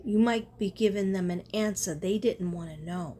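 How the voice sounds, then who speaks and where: A woman's voice: mid-range voice, moderate pace, dark tone, a little hiss or hum. A woman chatting casually in a spiritual vlog, rambling and earnest, often breaking off and restarting. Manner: rambling, self-interrupting, earnest. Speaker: spiritual artist and vlogger.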